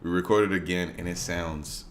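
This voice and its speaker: A man's voice: low-pitched, steady tone, moderate pace, slight background noise. A man co-hosting a podcast, talking in a laid-back, casual way. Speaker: podcast co-host. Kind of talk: casual interview chat.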